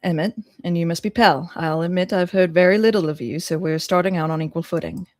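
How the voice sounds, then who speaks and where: A woman voicing a polite, formal male accountant in an attempted British accent, measured and dry. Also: on the low side, no room sound, close to an everyday voice.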